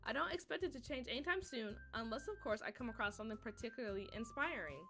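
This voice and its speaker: Quiet bookish teen girl, soft careful words, high voice, a woman reading her lines. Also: expressive, faint music behind. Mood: measured. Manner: soft, measured, hesitant. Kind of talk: reading game dialogue aloud.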